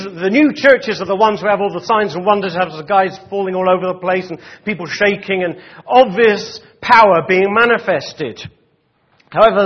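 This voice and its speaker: A man's voice: sits high, slightly rough, lo-fi sound. A man preaching a sermon in a conversational way, full of restarts and "you know" asides, reading and explaining scripture. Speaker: pastor.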